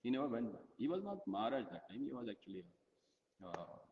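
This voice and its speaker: A man retelling a sacred story in a devotional talk, halting and repeating words as he goes. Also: medium pitch, big pitch swings, a little hiss or hum. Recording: dull audio with long hall reverb.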